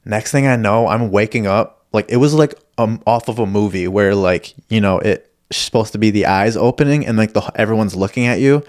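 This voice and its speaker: A young man with a lowish voice tells stories in a loose, rambling monologue. He swears freely and pokes fun at himself as he goes. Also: a little fast, hardly any pauses, a little mellow. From Michigan. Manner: profane, rambling, self-deprecating. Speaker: podcast host. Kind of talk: casual storytelling monologue.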